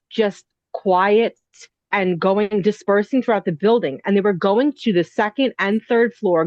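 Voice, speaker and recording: A woman's voice: on the low side, dry recording. Woman rambling through a ghost story. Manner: breathless, rambling, heavy use of "like" and "you know". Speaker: podcast guest, inn owner. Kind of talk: telling a personal ghost story. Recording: dull, dry lo-fi audio.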